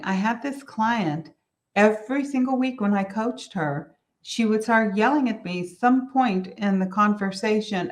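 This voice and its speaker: A woman business coach talks straight to her listeners in an earnest, conversational way. She circles back to repeat her main points and mispronounces some words along the way. Her voice sits at an ordinary middle pitch. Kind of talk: solo business advice talk.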